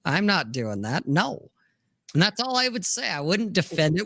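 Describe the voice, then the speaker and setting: A man's voice: sits high, big pitch swings, normal speed, bright, forceful tone, no room sound. A man in casual podcast talk, blunt and profane, who acts out both sides of conversations as he talks.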